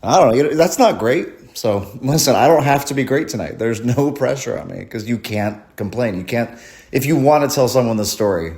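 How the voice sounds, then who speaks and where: A man's voice: medium pitch, lively intonation, brisk, darkish tone. A man performing a rambling, crude, self-deprecating stand-up comedy set at a live show.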